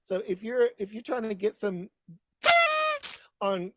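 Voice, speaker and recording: A middle-aged man speaking as a drag queen in casual chat, his voice sitting fairly high with a dry, close sound. He tells bawdy stories in a campy drawl, dropping "honey" along the way, as if over a video call. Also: fairly even intonation, a little slow, a little mellow, dry recording. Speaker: guest.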